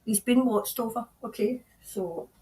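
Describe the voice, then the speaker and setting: A middle-aged woman giving a spontaneous tarot reading, earnest and halting, often repeating her phrases. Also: fairly high pitch, dark tone, poor audio. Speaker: tarot reader.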